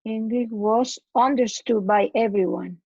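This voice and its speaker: A woman's voice: on the high side, measured pace, gravelly, mellow, slightly rough, no echo, lo-fi sound. A woman studying English, working through grammar practice aloud, hesitating and correcting herself. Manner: hesitant, self-correcting, repeats words while thinking. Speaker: English student.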